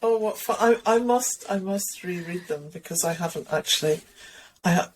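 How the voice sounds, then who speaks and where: Low-pitched lady on a video call, rambly and self-deprecating, bit of faint noise. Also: moderate pace, rough recording. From Scotland. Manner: chatty and self-deprecating, rambling with restarts and laughter. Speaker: interview guest, children's author and illustrator. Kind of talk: relaxed conversational interview.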